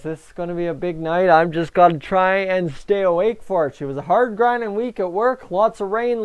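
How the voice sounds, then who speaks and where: A man's voice: high voice, smooth. A man hosting a casual live stream, chatting away and answering viewer comments as he goes. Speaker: fan streamer and host.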